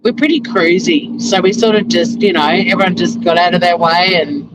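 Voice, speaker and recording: A rambling, chatty Australian woman talks to her viewers from behind the wheel, laughing as she goes. Clear road and engine noise from the moving car sits under her voice. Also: on the low side, moderate pace. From Tasmania, Australia. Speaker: vlogger. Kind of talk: casual chat while driving.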